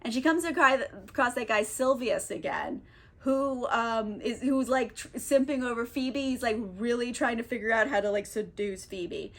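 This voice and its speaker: A woman recapping a play in a casual comedic way, rambling, exasperated and laughing, high. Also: fairly bright tone. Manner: rambling, exasperated, laughing, acts out quick character voices. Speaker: book reviewer.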